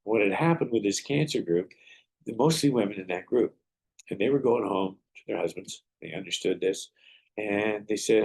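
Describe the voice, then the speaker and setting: A man's voice: fairly low pitch, moderate pace, gravelly, darkish tone, slightly rough. A man hosting a motivational podcast, telling stories and giving earnest, preacherly advice. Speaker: podcast host and martial arts teacher.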